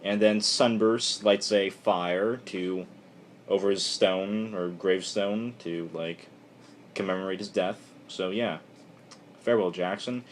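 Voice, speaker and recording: A low-voiced man talks through a comic book issue in a loose, rambling vlog. His retelling is irreverent and animated, full of quick asides. A faint hiss sits behind him. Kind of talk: casual comic recap vlog.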